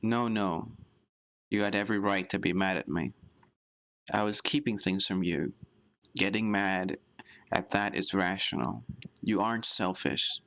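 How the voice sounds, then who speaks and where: A man voicing an exhausted, tearful young male cartoon character who speaks quietly and apologetically. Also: sits low, measured pace, gravelly, pauses often, full character voice. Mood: weary.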